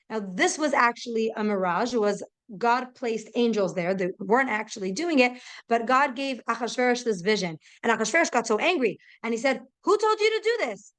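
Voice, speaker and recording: Lively woman teacher telling a story. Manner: lively storytelling, acting out dialogue with raised pitch. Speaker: Torah teacher. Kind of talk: storytelling lesson.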